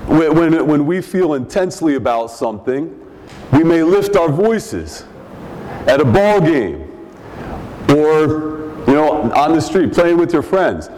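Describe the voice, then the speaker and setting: A man preaching a sermon as pastor, teaching in a measured way and often repeating words as he goes. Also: on the high side, lively intonation, a little mellow. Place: church sanctuary. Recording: long reverb of a large hall.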